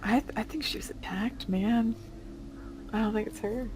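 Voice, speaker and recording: A woman's voice: a little high, steady tone, normal speed, noisy background. A woman playing a tabletop game, chatting casually, teasing the others and laughing easily. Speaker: player. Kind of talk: casual chat among tabletop players.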